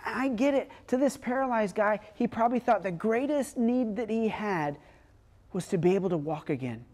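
A woman pastor preaching a sermon in a relaxed, conversational storytelling way. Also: medium pitch, normal speed, big-room sound.

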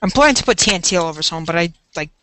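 Young man, live streamer, giggly rambling chat, bright tone. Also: a little high, lively intonation, very fast, a little hiss or hum. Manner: giggly, rambling, filler-heavy.

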